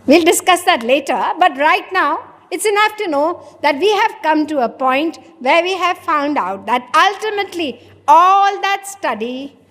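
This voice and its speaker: A woman spiritual teacher gives a sermon, questioning her listeners and acting out short dialogues. Her high, slightly bright voice is animated yet a little slow, and long reverb trails each phrase as if in a large hall.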